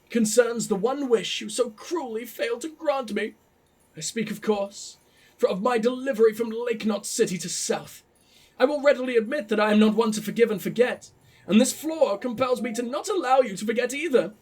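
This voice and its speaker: A man voicing a pompous, posh gentleman who reads out a florid, theatrical letter. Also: very high-pitched, moderate pace. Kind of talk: letter read aloud in a put-on voice.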